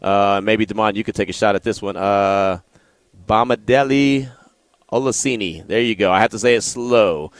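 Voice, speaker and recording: A man's voice: on the low side, a little fast, few pauses, dry recording. A man hosting a sports talk radio show, chatting casually and reading out listener texts. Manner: relaxed, conversational, reads listener texts.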